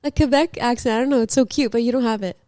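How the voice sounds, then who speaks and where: A woman from the Toronto suburbs, chiming into a casual podcast chat with quick, upbeat reactions. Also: a little high, mellow. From Richmond Hill, Ontario.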